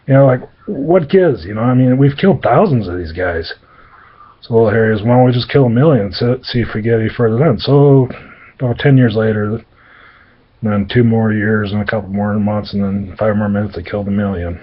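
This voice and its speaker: A man's voice: on the low side, muffled recording. A man telling an improvised comic story, rambling with joking asides and many fillers.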